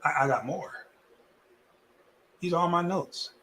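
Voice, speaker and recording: Male pastor, animated sermon, somewhat high voice, folksy and repetitive, moving between loud and hushed. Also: measured pace. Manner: lively preaching with wide swings between loud and hushed.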